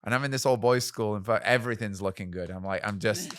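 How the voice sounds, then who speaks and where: Interview guest: man, animated and candid, dry close-miked voice. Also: lowish voice, fast, no echo. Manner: candid, self-mocking, animated storytelling with many fillers. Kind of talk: storytelling in a podcast interview.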